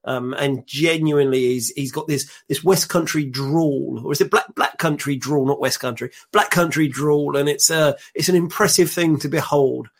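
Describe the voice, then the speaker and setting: A man with a somewhat high voice co-hosting a relaxed podcast. He jokes dryly in easy banter with his co-host. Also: normal speed, hardly any pauses. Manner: dry, joking banter. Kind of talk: casual chat.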